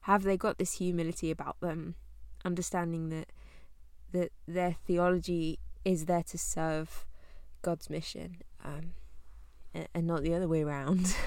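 A young woman leads a Bible study in an easy, chatty manner, laughing now and then as she explains. Her voice sits a little low for a woman. The recording is dry and close. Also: darkish tone, dry recording. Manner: conversational, laughs often. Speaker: Bible teacher.

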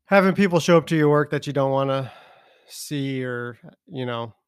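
A man's voice: medium pitch, normal speed, smooth, no room sound, studio quality. A man co-hosting a podcast, talking in a laid-back, hesitant way. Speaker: podcast co-host. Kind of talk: casual chat.

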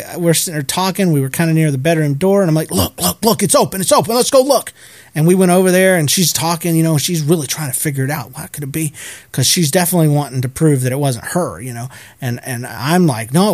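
A man's voice: on the high side, dry recording. A man, a podcast host, telling everyday stories in a casual way and acting out quotes in a raised voice. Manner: animated, acts out quotes in a raised voice. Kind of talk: casual storytelling.

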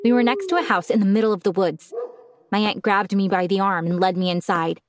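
Calm woman narrating a first-person story. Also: mid-range voice, brisk, no room sound, clean studio sound.

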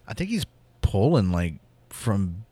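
A man with a Southern Oklahoma accent chats in a loose, filler-heavy way and swears casually. His voice sits very low, and the sound is dry with no room echo. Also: very animated, slow pace, dark tone, breathy edge. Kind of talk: casual chat.

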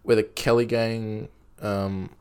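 A man's voice: on the low side, level tone, slow, darkish tone, clean tone. A man, co-hosting a podcast in casual chat, blunt and teasing in a laid-back way. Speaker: podcast co-host.

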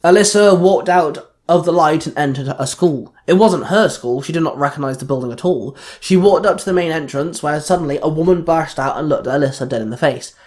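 A man reads fan fiction aloud in a steady, plain narrating voice. His pitch sits slightly higher than most men's, and he keeps an even pace. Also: brisk, few pauses. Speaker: storyteller.

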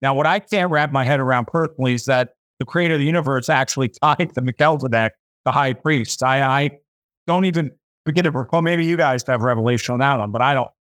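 A man's voice: medium pitch, fast talker, fairly bright tone, dry recording. A man hosting a podcast, giving an impassioned faith talk in a fervent, preachy way, repeating himself and voicing imagined listeners.

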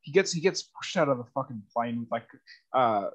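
A man's voice: medium pitch, lively intonation, a little fast, no echo. A man co-hosting a casual podcast, rambling about a movie with many fillers and restarts. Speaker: podcast co-host.

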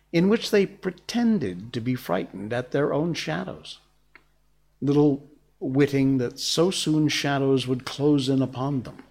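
A man reading a classic children's story aloud in a gentle, breathy voice. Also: mid-range voice. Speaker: narrator.

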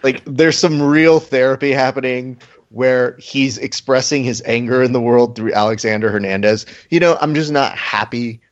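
A man's voice: mid-range voice, fairly even intonation, normal speed, few pauses, lo-fi sound. A man hosting a casual podcast chat, joking and riffing with his co-hosts. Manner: jokey, riffing with bits. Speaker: podcast host.

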